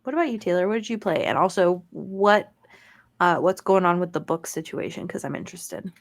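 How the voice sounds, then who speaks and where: Woman on a gaming podcast, chatty and laughing a lot, kinda low voice. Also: a little fast, vocal fry. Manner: chatty, laughing, many fillers. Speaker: podcast co-host. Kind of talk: casual chat.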